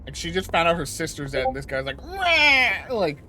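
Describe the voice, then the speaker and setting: A man's voice: a little high, fast, fairly bright tone, slight background noise. A man co-playing a story game on stream, chatting casually and animatedly. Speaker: guest co-player. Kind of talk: casual gameplay chat.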